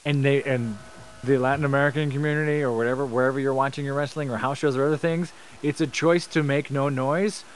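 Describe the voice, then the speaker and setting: A man's voice: medium pitch, steady tone, rough recording. Jokey podcast guy, mid voice, faint hiss behind him. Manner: upbeat, jokey, quick asides. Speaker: podcast co-host. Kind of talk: casual chat.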